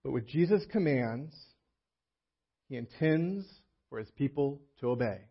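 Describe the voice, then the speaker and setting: A man's voice: mid-range voice, animated, measured pace, husky. A male pastor giving a conversational sermon, often slipping into quoted voices of the people he describes. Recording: muffled lo-fi sermon audio.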